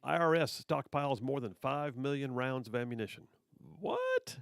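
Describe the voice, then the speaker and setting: A man's voice: medium pitch, brisk, clean tone, no echo. A man hosting a talk radio show, commenting on the news in a folksy, emphatic way and calling people brother.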